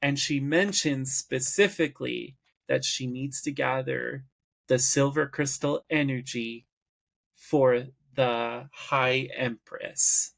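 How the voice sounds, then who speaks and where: A man co-hosting a podcast, slowly walking through a cartoon episode's plot in casual chat. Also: mid-range voice, creaky. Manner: slow, explanatory, recaps plot at length. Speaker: podcast co-host.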